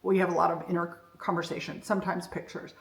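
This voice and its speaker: A woman's voice: lowish voice, level tone, fast, gravelly. Candid woman in an echoey room. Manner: candid, storytelling, frank with occasional swearing. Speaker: self-development speaker. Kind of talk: personal reflective monologue.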